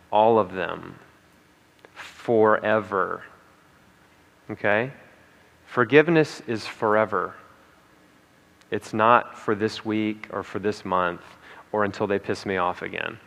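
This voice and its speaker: A man with a lowish, fairly bright voice gives an emphatic motivational talk at a conference in a reverberant hall. He repeats key lines and checks in with the audience using "okay?" and "right?".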